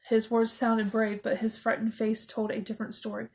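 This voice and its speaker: Female audiobook narrator for a kids' scary book, steady and expressive, slightly high pitch. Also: normal speed, low-quality recording. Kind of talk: reading a children's horror novel aloud.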